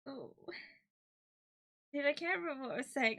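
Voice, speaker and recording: A woman's voice: high voice, lively intonation, normal speed, pauses often, sharp tone. A young woman streaming live, chatting casually and emotionally, laughing and close to tears as she thanks her viewers.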